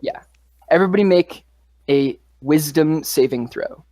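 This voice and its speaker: A woman's voice: sits low, measured pace, mellow, low-quality recording. A woman narrating a tabletop game as dungeon master, casual and full of fillers. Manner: casual, lots of "like" and "uh".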